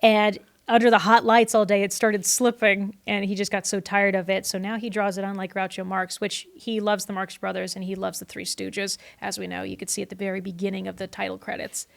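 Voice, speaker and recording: Young adult woman, interview guest, chatty animated storyteller. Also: medium pitch, brisk, creaky, hardly any pauses. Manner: animated, chatty, often breaks into laughs. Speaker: guest, horror host and vintage performer.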